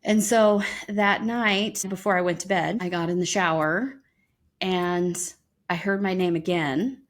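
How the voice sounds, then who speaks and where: A woman podcast co-host telling a personal story in casual chat, lively and full of ums. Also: fairly low pitch, unhurried. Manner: lively retelling with frequent ums.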